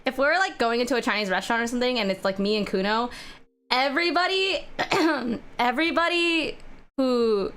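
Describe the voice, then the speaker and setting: A young woman with a fairly high voice chats loosely with her viewers while drawing on a livestream. She rambles from one aside to the next, filling gaps with "like" and "um" and laughing often. Soft music plays faintly underneath. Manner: rambling, chatty, laughs often, many fillers. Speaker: art streamer. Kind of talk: casual chat while drawing on stream.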